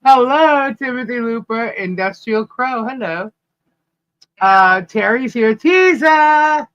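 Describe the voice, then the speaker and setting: Slow-talking woman greeting live viewers. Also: fairly high pitch, lively intonation, a bit bright, muffled recording. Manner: slowly greets viewers one by one, laughs often. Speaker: live-stream co-host. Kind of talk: casual live-stream chat.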